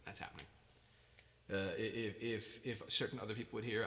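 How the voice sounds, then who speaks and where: A man's voice: fairly low pitch, flat delivery, fairly quick, fairly bright tone. A man who is a musician hosting a live stream, chatting casually between songs in a rambling, self-mocking, jokey way. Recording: reverb with guitar in background.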